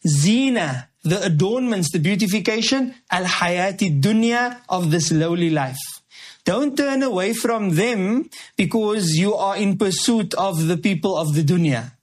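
A man's voice: high-pitched, animated, a little slow. A man teaching a Quran commentary lesson. He recites verses in Arabic, then explains them word by word, drawing listeners in with rhetorical questions and everyday examples. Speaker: Islamic teacher.

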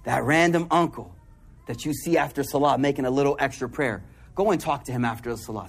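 A man giving a casual, slangy sermon and acting out quick asides in a lower voice. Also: slightly rough. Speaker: preacher.

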